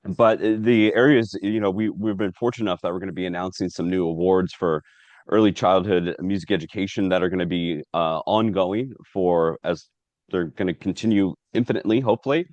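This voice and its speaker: A man hosting a casual interview over a video call, explaining things in a relaxed way with some filler. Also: sits low, fairly quick, no room sound, lo-fi sound. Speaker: host.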